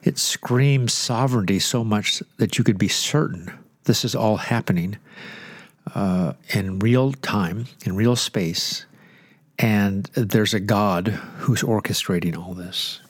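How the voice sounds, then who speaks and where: A man's voice: fairly low pitch, slow, dry recording. An older man with a nasal, congested voice from inflamed sinuses, teaching the Bible on the radio in a chatty way with joking asides. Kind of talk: conversational radio sermon.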